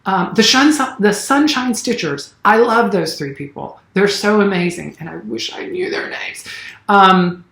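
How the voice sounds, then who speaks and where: A man's voice: high voice, fairly bright tone, echoey room. A man with a Southern accent, chatting casually to camera as a cross-stitch vlogger, rambling and gushing with many fillers and restarts.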